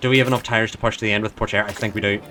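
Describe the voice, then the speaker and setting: A man streaming a racing management game, commenting in a frantic, pleading way that swings from hushed to yelling. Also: on the low side, fairly even intonation, very fast, loud music behind the voice. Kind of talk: excited live gameplay commentary.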